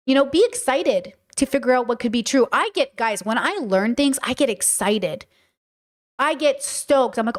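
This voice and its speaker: High-voiced woman chatting frankly. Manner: chatty, frank, checks in with listeners. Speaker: podcast host answering chat. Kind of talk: casual livestream talk.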